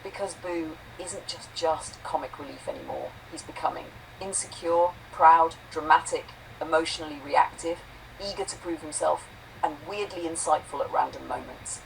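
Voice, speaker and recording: A woman's voice: low-pitched, normal speed, creaky, recorded from a distance, slight background noise, low-quality recording. A synthetic-sounding woman brainstorming comedy ideas in a conversational tone and reading quotation marks aloud. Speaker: AI conversation partner.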